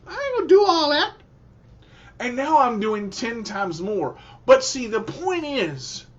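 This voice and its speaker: A male radio host with a fairly high voice that swings up and down as he drives his points home. He talks in a preacher-like, motivational way and circles back to repeat himself. The recording sounds dull and lo-fi. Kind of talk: motivational talk.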